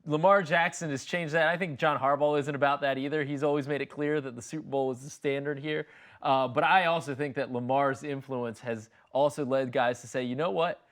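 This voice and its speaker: A man talking in a relaxed, conversational way as a reporter on a studio sports panel. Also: medium pitch, a little fast. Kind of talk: casual panel chat.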